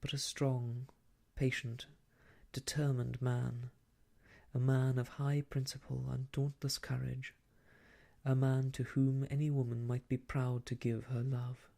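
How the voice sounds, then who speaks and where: A man softly reading an old novel aloud for ASMR, hushed and slow, slipping into whispers, close to the mic. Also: mid-range voice, level tone, vocal fry. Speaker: storyteller.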